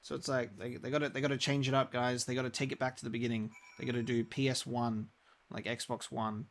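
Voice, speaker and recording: A man's voice: mid-range voice, flat delivery, a little fast. A young man chatting casually while live-streaming a game, rambling with many restarts.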